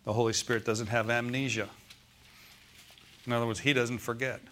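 A man's voice: mid-range voice, flat delivery, moderate pace, a bit bright, slight background noise. A male pastor preaching a Sunday sermon in a church, often calling out "Amen?" and "Okay?" to the congregation.

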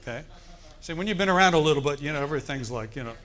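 Speaking very fast in a voice on the high side, a middle-aged pastor recounts a story in his sermon. He keeps it lively and conversational, putting questions to the congregation.

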